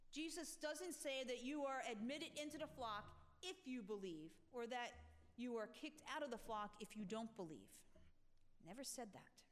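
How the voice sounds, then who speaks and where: Woman preaching in an echoing church. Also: fairly high pitch. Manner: earnest, rising and falling preaching delivery. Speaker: pastor. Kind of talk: sermon. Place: church sanctuary. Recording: long reverb of a church hall.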